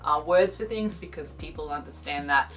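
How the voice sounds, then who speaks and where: A woman with a softened Australian accent, co-hosting a casual vlog chat, chatty and laughing easily as she explains things carefully. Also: low voice, moderate pace. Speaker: vlog co-host.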